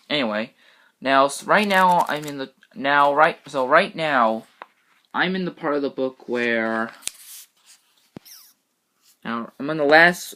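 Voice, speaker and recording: A video host reading a spooky children's book aloud and chatting casually, with halting, frequent restarts and self-corrections. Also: medium pitch, bright, forceful tone. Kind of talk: casual read-aloud with commentary.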